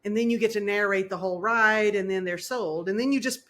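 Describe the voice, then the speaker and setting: Woman, podcast host, casual, laughs often, quick agreement. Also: medium pitch, a bit bright. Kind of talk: casual chat.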